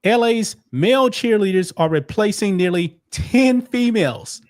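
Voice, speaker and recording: An emphatic male commentator with a fairly high voice. He delivers opinionated video commentary and drops "man" and "folks" into nearly every sentence. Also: expressive, unhurried. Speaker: commentator in a played clip.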